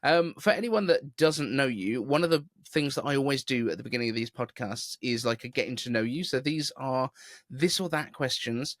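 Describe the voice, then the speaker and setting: A man with a neutral southern English accent hosts a relaxed tech podcast, talking in a chatty, rambling, self-deprecating way. His voice sits at an ordinary pitch and sounds dry and close, with no room around it. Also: normal speed, no echo. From southeast England. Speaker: podcast host. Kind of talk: casual podcast chat. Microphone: video call.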